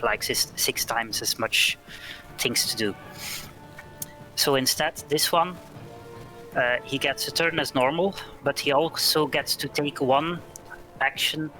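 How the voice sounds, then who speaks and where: A man's voice: medium pitch, sharp tone, poor audio. Chatty man running a tabletop game. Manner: explains rules at length with many fillers. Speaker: dungeon master.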